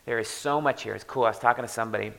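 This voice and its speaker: A man preaching a sermon as pastor, in a conversational, animated way that often repeats and rephrases. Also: mid-range voice, racing, gravelly.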